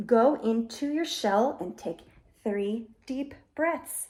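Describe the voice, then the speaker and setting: Patient woman teacher for a kids' lesson, high and animated, unhurried. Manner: gentle, patient, instructive. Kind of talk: children's lesson with toys.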